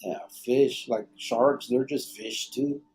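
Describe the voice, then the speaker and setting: A man's voice: mid-range voice, fairly even intonation, takes it slowly, a little mellow. A man hosting a podcast in casual, joking chat. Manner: joking, laughs often. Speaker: podcast host.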